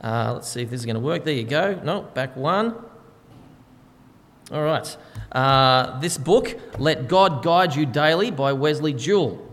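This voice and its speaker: A man preaches a sermon in a lingering, echoing hall, talking through a story in an easy, conversational way. His voice sits a little high for a man, and he pads his sentences with fillers. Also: animated, measured pace, a bit bright. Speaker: pastor. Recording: long hall reverb.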